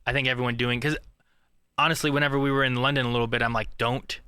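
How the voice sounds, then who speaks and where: A man co-hosts a podcast in casual chat, talking fast in a pushed, bright, mid-range voice with fairly even intonation. He rambles with lots of fillers and restarts, and the studio sound is clean with no room tone.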